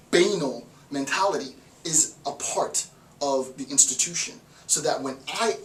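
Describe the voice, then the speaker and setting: A male professor giving an emphatic, animated philosophy lecture, repeating lines for effect. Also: medium pitch. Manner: emphatic, repetitive, animated, with laughs. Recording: roomy, distant mic, faint noise.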